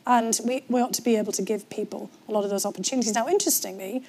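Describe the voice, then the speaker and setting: A woman's voice: mid-range voice, rapid-fire, mellow, husky. Woman w/ north east english accent, chatty candid guest, lots of um and you know. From North East England. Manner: candid, storytelling with frequent fillers. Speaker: guest, former government official. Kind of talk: conversational interview.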